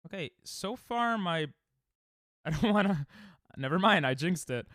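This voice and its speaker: A man's voice: on the high side, expressive, moderate pace, fairly bright tone, no room sound, clean studio sound. Young man streaming, casually rambling. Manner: rambling, self-deprecating, restarts often, chats with viewers. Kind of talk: casual livestream chat while speedrunning.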